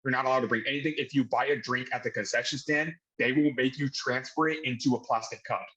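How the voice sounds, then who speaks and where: A man from the United States hosting a casual wrestling review chat, excitable and swearing freely. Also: medium pitch, fast, husky, lo-fi sound. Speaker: podcast host.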